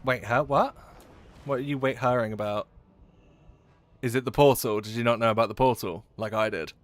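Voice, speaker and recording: A man's voice: medium pitch, moderate pace. A man chatting casually while live-streaming a game, giggling often and trailing off into fillers.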